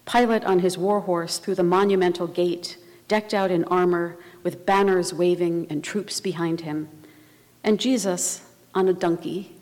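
A woman preaching a sermon in a measured, reflective way. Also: on the low side, darkish tone. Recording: long reverb of a large hall.

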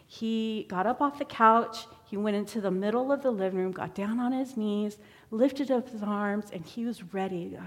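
A woman giving a personal testimony sermon as a church member, telling her story in a conversational way. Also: medium pitch. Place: church sanctuary. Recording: long church hall reverb.

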